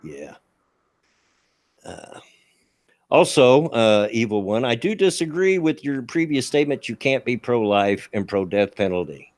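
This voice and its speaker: A man's voice: medium pitch, animated, a little slow, no echo. Laid-back Kentucky-accented man host. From Kentucky, USA. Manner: easygoing, reads chat messages aloud. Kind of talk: casual podcast chat.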